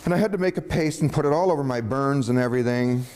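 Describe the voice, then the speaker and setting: A man telling a personal story in a casual, animated way, chuckling as he goes and acting out the voices of the people he quotes. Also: mid-range voice, fast talker.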